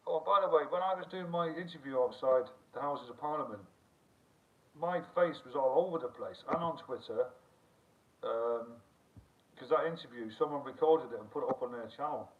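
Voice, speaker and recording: A man's voice: medium pitch, normal speed, slight background noise. A middle-aged man hosts a loose, rambling live stream, reading out comments and swearing freely. His voice comes through thin and phone-like. He sounds set back from the microphone. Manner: rambling, chatty, swears freely, reads chat aloud. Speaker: livestream host. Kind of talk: casual live-stream chat. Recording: tinny phone-like sound, distant from the mic.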